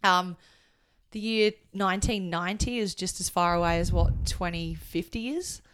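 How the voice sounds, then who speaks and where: A woman's voice: on the low side, moderate pace, a bit bright, smooth. A woman, a schoolteacher, chatting casually as a podcast co-host and laughing often. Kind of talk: casual chat.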